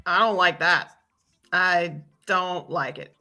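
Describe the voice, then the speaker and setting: A woman's voice: on the low side, takes it slowly, pushed and bright, heavily acted. A woman playing a confused, reluctant young man in an improvised scene, in a hesitant, stammering put-on Boston accent. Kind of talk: improvised comic scene reading.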